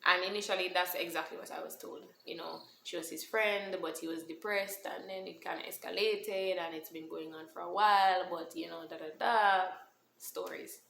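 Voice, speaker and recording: A woman tells her own story to camera in a lively, conversational way and drifts into patois as she goes. Her voice sits on the low side but has a bright, forceful edge. The recording picks up a roomy echo and a faint hum of ambience behind her. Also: normal speed, gravelly. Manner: animated, switches into Caribbean-style patois when emotional. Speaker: vlogger telling a personal story. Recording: echoey room with faint ambience.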